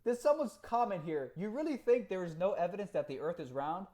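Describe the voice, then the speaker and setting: A man chatting on a live stream, reading out comments and talking in an animated, profane way with frequent laughs. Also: high-pitched, brisk. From Cuba.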